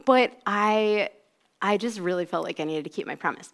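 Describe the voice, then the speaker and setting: A woman's voice: mid-range voice, animated, normal speed. A woman in her forties telling a personal faith story in a casual, conversational way, filling her speech with "like.". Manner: conversational, heavy use of "like". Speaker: speaker giving a personal testimony.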